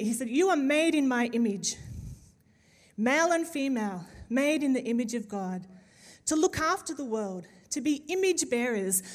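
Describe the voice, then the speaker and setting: Lively woman preaching a sermon. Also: fairly high pitch. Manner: humorous, animated storytelling with emphatic build-ups.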